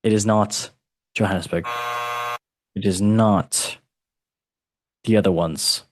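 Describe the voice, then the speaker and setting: A man's voice: lowish voice, fairly even intonation, slow pace, background noise. A man hosting a football quiz, playful and teasing, calling his guest mate. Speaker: podcast host and quizmaster. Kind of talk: casual podcast chat.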